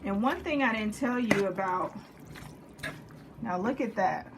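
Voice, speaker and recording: A woman's voice: medium pitch, unhurried, background noise. A woman with a Texas accent talking through a home cooking demonstration, chatty and jokey, checking in with viewers as she goes. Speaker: home cook. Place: home kitchen.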